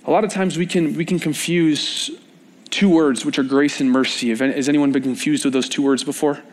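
A young man preaching a conversational sermon at a church service, informal and joking with the congregation, rising at times to animated emphasis. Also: fairly high pitch, fairly quick.

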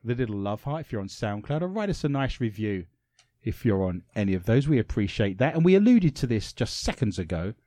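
An English man hosts a radio show from a studio, and he loves a pun and a laugh. His pitch swings lively up and down as he talks. The studio sound is dry and close. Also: brisk, dry recording. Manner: playful, rhyming wordplay, laughs often. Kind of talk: casual radio chat. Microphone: studio microphone.

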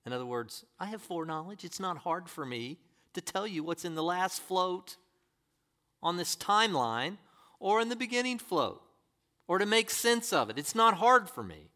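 A pastor with a high-pitched, sing-song voice preaches a sermon at a moderate pace, his tone bright and forceful. He reads scripture and presses the congregation with emphatic rhetorical questions.

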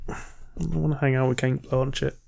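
A man's voice: mid-range voice, little pitch movement, a little fast, creaky, darkish tone. A man co-hosting a casual podcast chat, making dry offhand quips and restarting his sentences as he rambles. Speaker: podcast co-host.

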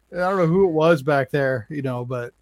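A man who runs a record label, telling stories in a rambling casual chat with many fillers. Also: a little high. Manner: rambling, animated, acts out quotes with many fillers.

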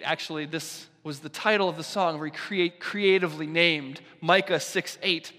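A male pastor preaching a sermon in a church, with a deliberate, emphatic delivery and dramatic pauses. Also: on the high side, sharp tone. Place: church sanctuary. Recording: long church reverb.

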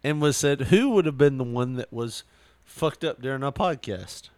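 A man's voice: medium pitch, lively intonation, normal speed, darkish tone, dry recording. A man co-hosting a podcast in casual chat, drunk, giggly and rambling, smoking a cigar at the mic. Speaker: podcast co-host.

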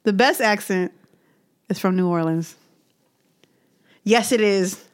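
A woman co-hosting a podcast, chatting casually, blunt and emphatic, quick to disagree. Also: mid-range voice, clean tone. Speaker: podcast co-host. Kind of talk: casual chat.

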